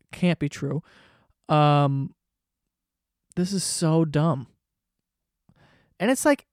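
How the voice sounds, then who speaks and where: A man's voice: a little high, no room sound. Male podcast host, profane and sarcastic rambler, dry close recording, resonant tone. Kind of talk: casual comedic rant.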